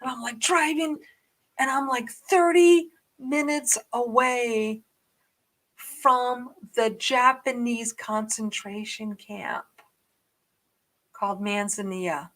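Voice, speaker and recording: Brief: woman vlogger, casual storytelling to camera, excitable and rambling, swings from hushed to loud. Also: a little high.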